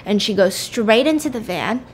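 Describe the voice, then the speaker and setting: A woman's voice: fairly high pitch, moderate pace. A woman casually retelling a crime story for a podcast, acting out the characters with whispers and sudden outbursts. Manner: animated, acts out quotes with whispers and shouts. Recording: faint background noise.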